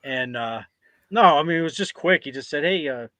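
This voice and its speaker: A man's voice: a little high, animated, normal speed, a bit bright, no room sound. A man on a casual podcast telling a short anecdote in a laid-back, self-deprecating way.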